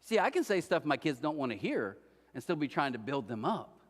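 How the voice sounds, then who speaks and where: Middle-aged male pastor, higher voice, animated storyteller, long church-hall reverb. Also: brisk. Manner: lively storyteller, acts out quoted voices. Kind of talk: sermon.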